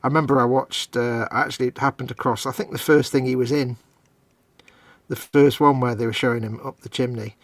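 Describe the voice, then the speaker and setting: A man's voice: medium pitch, fairly even intonation, a little fast, dry recording. A man, co-hosting a casual livestream and reading out viewer comments. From northern England. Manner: chatty, reads out viewer comments. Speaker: co-host of a livestream. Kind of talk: casual chat.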